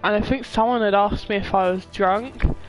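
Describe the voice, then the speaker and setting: A young streamer chatting and telling rambling stories while playing a game, laughing often and yelling at it when things go wrong. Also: mid-range voice, fairly even intonation, fairly quick, lo-fi sound, soft background music. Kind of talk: live gameplay chat.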